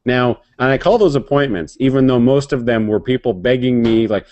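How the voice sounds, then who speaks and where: Man, mid pitch, casual storyteller who swears and laughs through his stories. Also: moderate pace, hardly any pauses. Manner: laughing, profane, animated storytelling. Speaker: podcast co-host.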